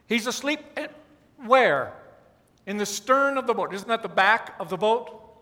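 High, bright-voiced preacher in a reverberant hall. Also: male voice, big pitch swings. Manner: conversational preaching with wry asides and dramatic pauses. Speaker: pastor. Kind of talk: sermon.

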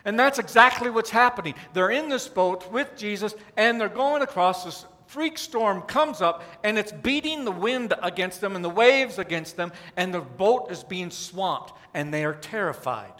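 A man preaching a sermon in a conversational way, with wry asides and dramatic pauses, in what sounds like a church sanctuary. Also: sits high, expressive, sharp tone, in a large hall. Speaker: pastor.

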